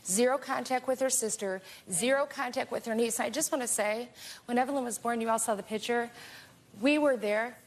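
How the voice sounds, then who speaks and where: Indignant middle-aged mother with a gravelly voice. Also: on the high side, brisk, rough recording. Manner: forceful, indignant. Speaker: talk show guest. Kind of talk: emotional testimony on a talk show.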